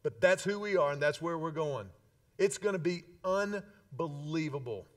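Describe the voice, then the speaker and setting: Emphatic high-voiced preacher, heard from afar. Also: male voice, moderate pace, distant mic. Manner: emphatic preaching with playful asides. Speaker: pastor. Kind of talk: sermon.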